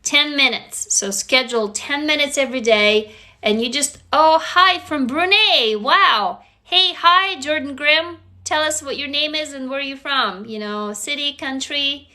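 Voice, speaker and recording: A woman with a Russian accent hosts a casual phone livestream, chatting with viewers. Her voice is slightly high and very bright. She talks freely and swears now and then. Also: unhurried. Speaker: livestream host. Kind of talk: casual live-stream chat.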